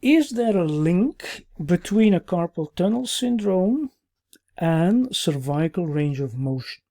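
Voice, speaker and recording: A man teaching a recorded clinical course, explaining at an even pace with many "uh" pauses and checking "yeah?" tags. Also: sits high. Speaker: orthopaedic medicine instructor.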